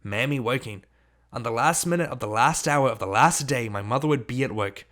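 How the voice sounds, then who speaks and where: A man voicing a defiant, sharp-tongued teenage runaway girl in an audiobook, bossy and scornful. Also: mid-range voice, a little fast, natural voice. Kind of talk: audiobook character reading.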